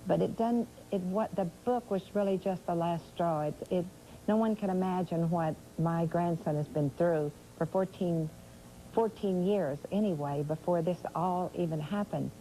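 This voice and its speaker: An older woman speaking as a guest on a live TV interview, aggrieved and halting, often restarting her sentences. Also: fairly low pitch, warm tone, slight background noise, poor audio.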